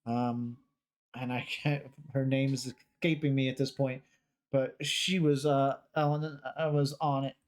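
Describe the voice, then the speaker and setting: A man's voice: mid-range voice, little pitch movement, clear, resonant tone. Rambling podcast host man. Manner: rambling, halting, with many fillers. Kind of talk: casual rewatch commentary.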